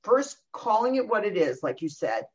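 A middle-aged woman talking about parenting in a casual conversation, animated and often acting out what other people say. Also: medium pitch, normal speed. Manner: animated, acts out quoted voices. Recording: dull lo-fi recording.

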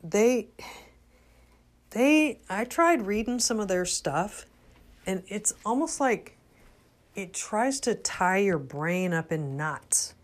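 An older woman giving an earnest, unscripted religious talk, halting with frequent restarts. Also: mid-range voice, animated. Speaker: religious commentator.

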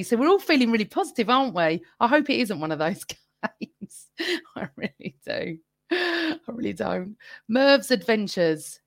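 A woman's voice: on the high side, no echo, clean studio sound. A woman hosting a live fan podcast on her own, chatting casually with viewers and reading out their comments. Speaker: podcast host. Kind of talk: live-stream fan chat.

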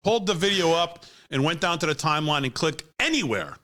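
A man's voice: a little high, expressive, fairly quick, pushed and bright. A man hosting a talk show, giving heated, scornful political commentary and laughing often.

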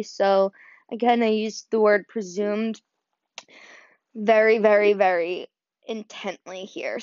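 A woman's voice: mid-range voice, darkish tone, no room sound. A young woman hosting a solo podcast, talking casually with many fillers and getting choked up at times. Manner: emotional, choked up. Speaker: podcast host. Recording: dull dry audio.

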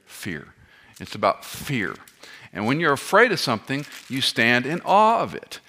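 A man preaching an expository sermon, animated, firing rhetorical questions at the audience and dropping joking asides. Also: mid-range voice, measured pace.

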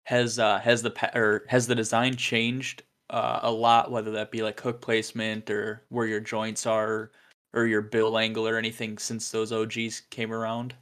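A male podcast host with a lowish voice and a flat, even delivery. He asks relaxed, rambling questions in an easygoing interview. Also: normal speed, clear, resonant tone. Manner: relaxed, short backchannels and loose questions. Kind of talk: casual interview chat.

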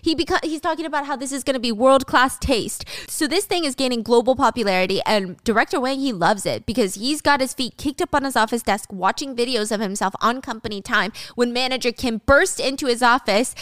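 A woman's voice: fairly high pitch, a little fast, few pauses, a bit bright, no echo. A woman casually retelling a drama plot in a chatty, slangy way into a close mic. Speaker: drama recap narrator. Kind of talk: casual story recap.

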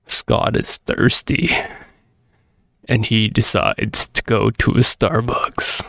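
Laid back guy narrating a podcast skit, slow and gravelly, dry sound. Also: fairly low pitch, steady tone, fairly bright tone, dry recording. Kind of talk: casual comedy banter.

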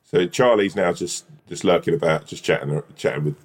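Man, deep voice, husky, rambling casual banter. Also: normal speed. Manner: rambling, builds silly hypotheticals. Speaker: podcast co-host.

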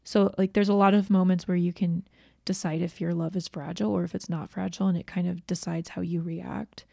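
Chatty young woman with vocal fry. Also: on the low side, flat delivery, a little fast, dark tone, no room sound, clean studio sound. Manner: chatty, many fillers. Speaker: podcast co-host. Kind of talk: casual chat.

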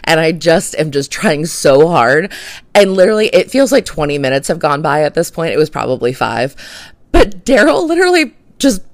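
A woman's voice: deep voice, very animated, moderate pace, no room sound. A woman who works as a realtor tells a funny story on her podcast in a chatty, rambling way, full of fillers and laughter. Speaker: podcast host. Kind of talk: casual storytelling monologue.

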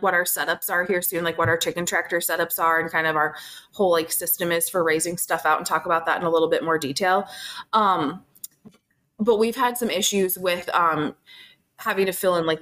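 Woman, podcast co-host, casual chat, low-pitched voice, chatty, reflective, lots of fillers. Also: a bit bright, rough recording.

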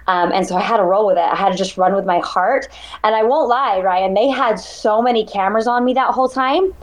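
A woman ultrarunner, a guest in an interview, telling her race story in an animated, emotional way. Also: medium pitch, a little fast. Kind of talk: conversational interview.

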